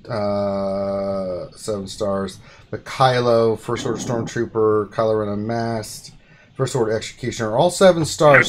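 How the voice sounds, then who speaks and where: Excitable man hosting a gaming stream. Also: fairly low pitch. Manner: excitable, bursts of exclamation. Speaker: stream host. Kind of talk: casual gaming chat. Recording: hissy stream with clicks.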